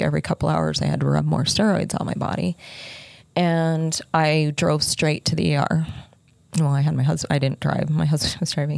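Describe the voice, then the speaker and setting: Her voice deep with vocal fry and a slightly mellow quality, a middle-aged woman recounts a personal story on a casual podcast. She races breathlessly through the conversations at length, quoting lots of dialogue, and the recording is dry.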